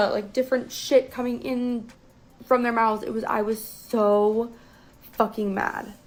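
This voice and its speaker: A young woman telling a personal story as a guest in a casual, profane, animated way. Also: fairly high pitch, creaky, poor audio.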